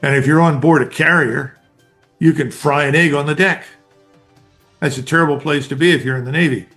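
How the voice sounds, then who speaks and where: A man's voice: fairly high pitch, steady tone, brisk, a bit bright, soft background music. An older man, a retired army colonel, giving blunt, emphatic analysis in an interview, speaking in short declarative bursts.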